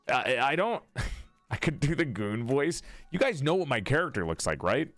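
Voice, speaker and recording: A man's voice: mid-range voice, sing-song, moderate pace, fairly bright tone, no room sound, soft background music. A man chatting casually on a live stream while playing a tabletop game, laughing often and talking to his viewers.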